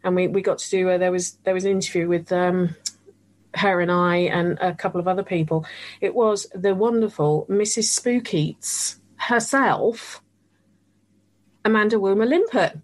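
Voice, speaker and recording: A woman's voice: lowish voice, moderate pace. A woman from the UK hosting a radio show, chatting casually and enthusiastically with a guest. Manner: chatty, enthusiastic, laughs easily. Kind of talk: casual interview chat.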